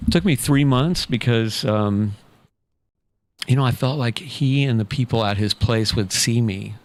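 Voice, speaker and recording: A man telling a long personal story in a relaxed, anecdotal way, full of fillers. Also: medium pitch, measured pace. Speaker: podcast guest, author. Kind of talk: casual storytelling.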